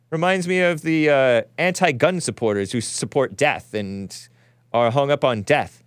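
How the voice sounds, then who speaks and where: Chuckling man with a lively, swinging pitch. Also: clear, resonant tone, no echo, studio quality. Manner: wry, chuckling, rambling reaction to footage. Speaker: host. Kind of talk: casual live-stream commentary.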